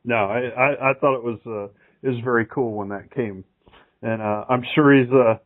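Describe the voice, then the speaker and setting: A man's voice: mid-range voice, fairly even intonation, moderate pace. A male interviewer asking casual questions with plenty of fillers. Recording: tinny phone line.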